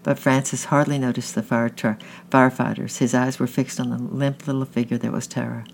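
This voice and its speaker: A man's voice: medium pitch, level tone, a little fast, gravelly, slight background noise. A man reading a children's novel aloud in a plain way, often slipping and restarting words. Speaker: audiobook reader.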